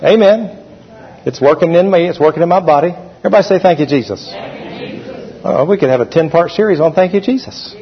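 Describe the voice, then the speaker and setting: A man's voice: on the high side, brisk. A man preaching a sermon to a congregation, talking conversationally and leading call-and-response. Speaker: pastor. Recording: dull, echoey hall recording.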